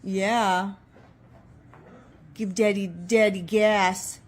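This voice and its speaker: Slow-talking woman scolding her pets. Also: mid-range voice, steady tone. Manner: teasing, scolding pets playfully. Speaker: pet owner. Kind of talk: talking to pet birds.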